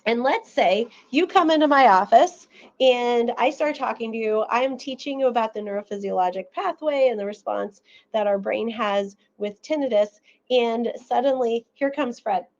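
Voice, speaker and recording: Lively woman giving a seminar talk. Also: a little high, normal speed, lo-fi sound. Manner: animated storytelling with acted-out quotes.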